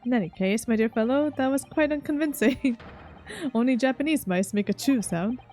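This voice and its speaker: A woman's voice: high-pitched, expressive, normal speed, mellow, faint music behind. A woman voicing a flamboyant, smug male Victorian detective, speaking in a grandiose, formal, theatrical way. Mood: haughty. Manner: grandiose, theatrical, old-fashioned formal speech.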